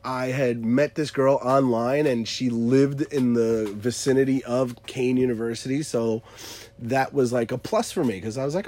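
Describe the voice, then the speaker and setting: A man's voice: medium pitch, moderate pace, a little mellow. A man in his thirties telling a story in casual chat, rambling and correcting himself as he goes, often breaking into laughter. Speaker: podcast co-host telling a story.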